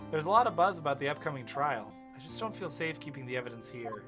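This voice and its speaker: A streamer reading a calm, caring big-sister lawyer. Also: medium pitch, fast talker, close to an everyday voice. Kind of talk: reading game dialogue aloud. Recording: game music underneath.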